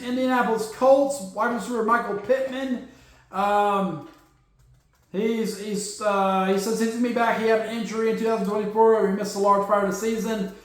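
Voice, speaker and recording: A podcast host goes through news in a loose, rambling way, dropping jokey asides as he goes. His voice sits fairly high, and it bounces around a very echoey room. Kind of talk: casual news chat.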